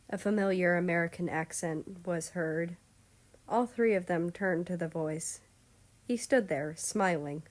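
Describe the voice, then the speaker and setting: A woman reading a fan story aloud in calm, measured narration. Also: lowish voice. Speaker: story reader.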